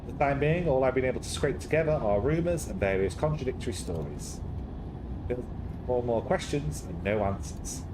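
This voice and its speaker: A man reading a narrative game aloud in steady first-person narration, with quick wry asides. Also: medium pitch, noisy background. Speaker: game streamer.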